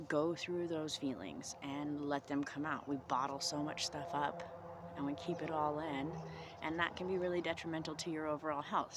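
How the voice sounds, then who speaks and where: A woman vlogging outdoors in the cold, talking through reflective self-help questions in a gentle, encouraging way. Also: low-pitched, a little hiss or hum.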